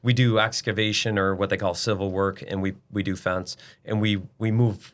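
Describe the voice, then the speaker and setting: A man's voice: lowish voice, little pitch movement, moderate pace, a bit bright. A middle-aged man, a business owner guest, talking bluntly and emphatically in a casual interview, now and then swearing.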